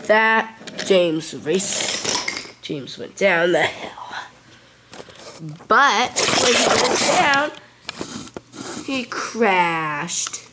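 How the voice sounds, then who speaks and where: A woman improvising a toy train story, narrating with pauses and self-corrections. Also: medium pitch, lively intonation, background noise.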